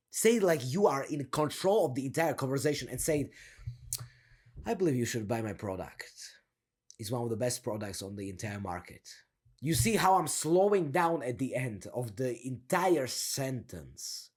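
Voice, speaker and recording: A young man coaching casually on sounding confident, energetic and slangy, laughing often and demonstrating a deep, down-turned delivery. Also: breathy edge.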